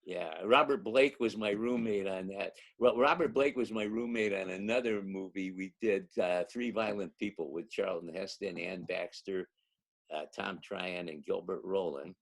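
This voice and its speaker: Older male actor, husky low voice, animated anecdote teller. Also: moderate pace. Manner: animated storyteller, acts out quotes, laughs often. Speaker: actor guest. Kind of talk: anecdotal storytelling.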